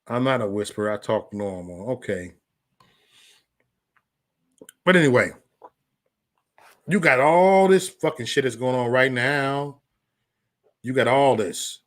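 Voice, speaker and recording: A man's voice: mid-range voice, lively intonation, a little slow, long pauses, fairly bright tone. A man hosting a livestream, ranting angrily and profanely at his critics, stammering and repeating himself as he reads the chat. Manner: profane, heated, repetitive, stammers into restarts; reads out live chat comments. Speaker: livestream host. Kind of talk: angry livestream rant.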